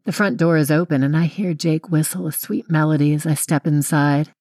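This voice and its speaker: A woman's voice: deep voice, steady tone, a little fast, mellow, dry recording. Young woman narrator, wry first-person audiobook read, dry close studio sound.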